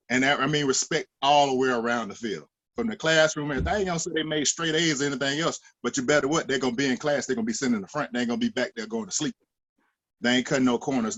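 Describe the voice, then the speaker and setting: Emphatic man telling football stories. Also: a bit bright. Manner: emphatic, folksy, jumps higher when acting out others. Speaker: former linebacker guest. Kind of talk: roundtable chat, storytelling.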